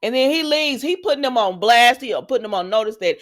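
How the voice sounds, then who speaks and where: A woman's voice: on the high side, very animated, a little fast, hardly any pauses, fairly bright tone. Brief: woman, casual soap recap vlogger, opinionated, chatty, lots of ums and you-knows. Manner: chatty, opinionated, frequent fillers like um and you know. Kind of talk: casual episode recap with commentary.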